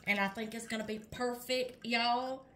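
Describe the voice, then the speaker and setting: Some faint hiss or hum sits under the fairly high, fairly bright voice of an older woman with a Southern US accent, who talks at a moderate pace with a steady tone. As a home cooking vlogger giving a casual demonstration, she chats away, calling viewers y'all and often checking okay.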